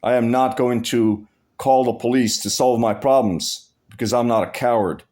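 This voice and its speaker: A man vlogs to camera in a casual monologue, telling a story bluntly with lots of swearing while restarting and repeating his phrases. His voice is medium-pitched and a little mellow at a normal speed.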